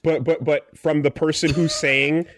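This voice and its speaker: A man co-hosting a casual podcast discussion, animated and sarcastic, often restarting his sentences. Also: on the high side, measured pace, no echo. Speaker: podcast co-host.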